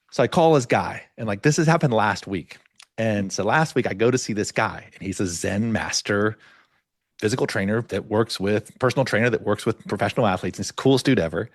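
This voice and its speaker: A middle-aged man hosting a podcast, telling a story in an animated way and acting out the voices of the people in it. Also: lowish voice, brisk, no room sound, studio quality. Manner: animated storyteller, acts out quoted dialogue. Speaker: podcast host. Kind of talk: casual podcast conversation.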